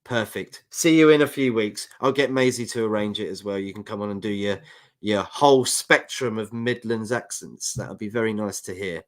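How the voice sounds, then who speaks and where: London bloke co-hosting football chat. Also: male voice, on the low side, moderate pace. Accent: London English. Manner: banters, reads out viewer comments. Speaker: football podcast co-host. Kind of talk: casual chat.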